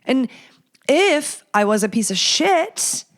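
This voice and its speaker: A woman in her thirties talks bluntly on her own podcast, swearing freely as she tells her stories. Her voice sits a little high, and she acts out other people's lines in a lively, animated way. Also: takes it slowly. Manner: blunt, profane, animated storytelling with acted quotes. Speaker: podcast host. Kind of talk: casual solo podcast monologue.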